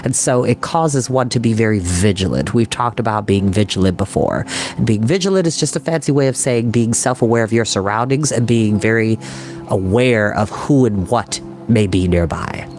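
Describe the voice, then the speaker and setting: A man reading a children's story aloud, pausing to explain words to children in a gentle manner. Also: fairly low pitch, faint music behind.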